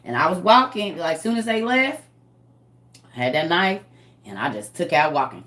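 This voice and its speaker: Bright, forceful woman telling a story. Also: sits low, normal speed. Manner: animated, emphatic, slangy. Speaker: storyteller addressing viewers. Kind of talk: casual storytelling.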